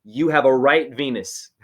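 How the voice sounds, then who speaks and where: A man giving a spiritual reading over a video call, preachy and rambling, with sudden high exclamations. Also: unhurried. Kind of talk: excited casual video-call chat.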